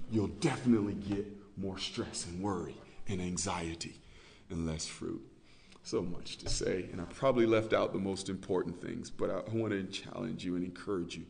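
A man's voice: deep voice, moderate pace, gravelly, darkish tone. A man giving a sermon, earnest and exhorting, with humorous asides. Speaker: guest preacher.

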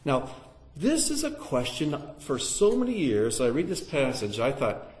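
Animated male preacher in an echoey room. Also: mid-range voice, measured pace. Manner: animated, asks the audience questions. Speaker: Bible teacher. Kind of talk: sermon-style Bible teaching. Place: room with a live audience.

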